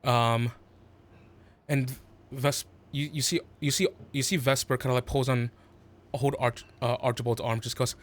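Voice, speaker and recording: A man's voice: medium pitch, steady tone, measured pace. A man narrating as game master of a tabletop game, hesitant, with many fillers and restarts.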